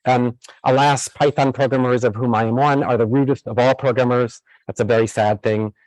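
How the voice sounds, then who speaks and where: A man's voice: medium pitch, steady tone, fairly quick, darkish tone, no echo, poor audio. A man giving a university lecture who explains in steps, with many fillers and restarts.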